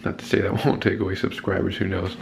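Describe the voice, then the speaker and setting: Gravelly low-voiced man vlogging casually. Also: level tone, quick pace, noisy background. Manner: upbeat, laid-back, celebrating milestones. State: scratchy just-woke-up voice. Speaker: YouTube channel host. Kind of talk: casual check-in vlog.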